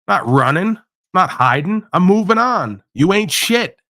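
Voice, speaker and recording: A man's voice: high voice, sing-song, measured pace, sharp tone, dry recording, clean studio sound. A man hosting a livestream, delivering a profane, combative, preachy rant. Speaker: livestream host. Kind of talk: ranting monologue.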